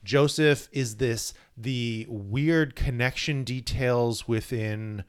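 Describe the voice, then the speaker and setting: A man's voice: medium pitch, slow pace, clear, resonant tone. Chatty man breaking down comic lore. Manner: enthusiastic, explains lore with laughs. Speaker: podcast co-host. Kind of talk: casual comic book discussion.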